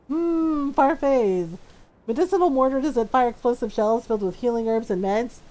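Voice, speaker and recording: A woman's voice: on the high side, moderate pace, warm tone. A woman streaming a video game, chatting casually and rambling with frequent giggles. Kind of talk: casual gameplay chat.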